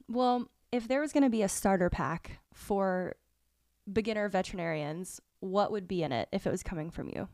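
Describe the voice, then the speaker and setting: A woman's voice: mid-range voice, moderate pace, darkish tone. A woman hosting a podcast, reacting to a guest's story and asking the next question in casual conversation. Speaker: podcast host. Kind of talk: casual interview.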